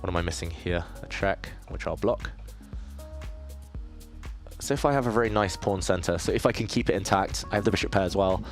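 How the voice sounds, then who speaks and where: A man with a low, deep voice talks through his chess moves on a live stream. He thinks aloud, chats easily with his viewers and pokes fun at himself. Soft music plays faintly behind him. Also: fairly quick, long pauses. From southeast England. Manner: thinks aloud, self-deprecating, chatty with viewers. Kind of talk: casual live-stream commentary while playing.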